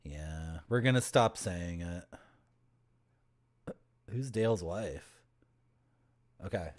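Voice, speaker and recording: Speaking slowly in a low, animated voice, a Toronto streamer offers casual commentary as he plays a game. He jokes around with his chat and laughs a lot, and he's from Toronto, Canada.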